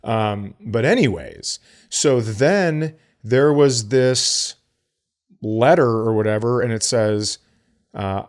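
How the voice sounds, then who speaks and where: A laid-back man with a voice of middling pitch tells a story on a podcast. He jokes as he goes and slips into little voices for the people he quotes. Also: takes it slowly. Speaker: podcast co-host. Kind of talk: casual storytelling chat.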